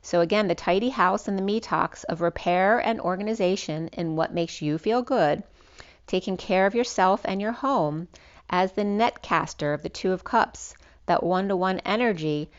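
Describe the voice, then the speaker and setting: A medium-pitched woman speaks at a moderate pace as she hosts a spiritual tarot reading on her channel. Her talk wanders, with frequent restarts and ums, and the sound is muffled.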